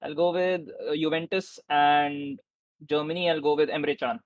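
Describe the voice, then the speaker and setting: Man giving slow, hesitant quiz answers. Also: fairly high pitch, steady tone, dry recording, low-quality recording. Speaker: podcast co-host, quiz contestant. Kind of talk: casual chat.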